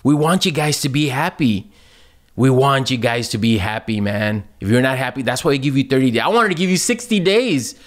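A man's voice: mid-range voice, lively intonation, brisk. A man answering viewer questions in a casual, laid-back chat, often saying "man" and "dude" and laughing a lot.

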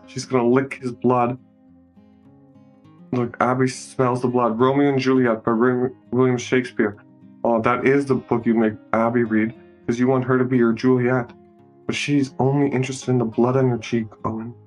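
A man giving a casual, joking movie recap, commenting on each scene as it unfolds. His voice sits in an ordinary middle range. Soft music plays faintly in the background. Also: medium pitch, flat delivery, moderate pace. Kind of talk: casual improvised movie narration.

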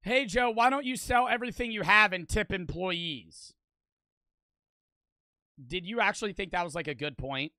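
Teen male streamer, high bright voice, dry close sound, argues hotly and swears a lot. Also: normal speed, long pauses, no room sound. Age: teens. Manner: heated, profane, full of "like" fillers. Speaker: streamer reacting to a video. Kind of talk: casual reaction commentary.

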